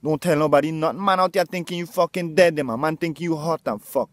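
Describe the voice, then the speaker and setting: A man's voice: fairly high pitch, a little fast, dry recording. Profane, mocking man. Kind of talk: comedy sketch banter.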